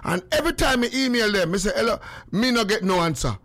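An excitable Jamaican man hosts a call-in radio show, chatting in patois. His voice sits high and leaps up and down in pitch as he gets going. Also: quick pace. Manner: excitable, talks in patois, exclaims. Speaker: radio host.

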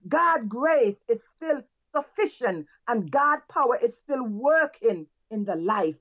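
A woman's voice: a little high, big pitch swings, takes it slowly, muffled recording. A woman leading the close of a church service, fervently exhorting the congregation and repeating praise phrases between lines. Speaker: worship leader closing a church service. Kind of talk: closing prayer and exhortation.

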